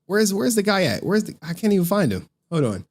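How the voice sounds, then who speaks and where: A male streamer talking casually, swearing freely and slipping into voices to act out scenes. His delivery is lively and loose, like chatting with viewers. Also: sits high, brisk. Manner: animated, profane slang, acts out scenes with voices. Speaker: streamer recapping a horror movie.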